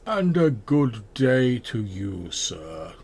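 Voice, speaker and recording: A man voicing a slow, old-fashioned male plant dwarf with a moss beard, speaking courteously in a tabletop game. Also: on the low side, big pitch swings, darkish tone, husky, exaggerated voice.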